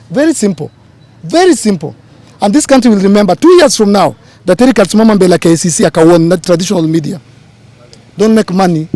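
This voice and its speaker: Gravelly-voiced emphatic Kenyan man. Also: high-pitched, dark tone. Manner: emphatic, pleading, repeats appeals. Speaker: public figure addressing reporters. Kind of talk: impassioned press remarks.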